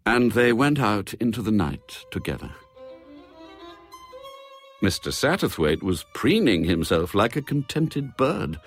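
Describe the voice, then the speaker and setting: A man reading a story aloud in a measured, expressive narration. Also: fairly low pitch, soft background music. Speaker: audiobook reader. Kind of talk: scripted narration.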